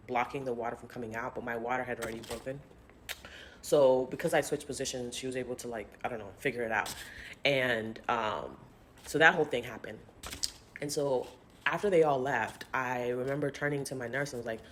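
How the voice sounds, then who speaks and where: A young woman vlogger telling a personal story in a casual, chatty way, often quoting others in lively put-on voices. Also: rumbling low, fairly quick, slight background noise.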